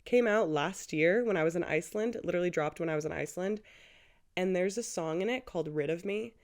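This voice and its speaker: A woman in her twenties hosts a casual solo podcast, speaking a little fast in a slightly mellow voice. She's chatty and gushing, dropping "like" constantly, and slips into a squeaky, high put-on voice whenever she quotes someone.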